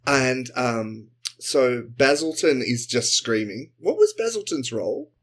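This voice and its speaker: A man co-hosting a comedy podcast, improvising a sci-fi story and jumping into quick character voices. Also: mid-range voice. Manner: animated, acts out characters in quick bursts. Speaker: podcast co-host.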